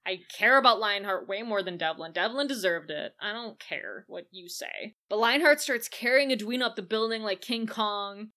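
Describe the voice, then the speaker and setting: Animated woman recapping a film. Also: mid-range voice, moderate pace, hardly any pauses. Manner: animated, acts out scenes in voices. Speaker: podcast co-host. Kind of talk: casual film review chat.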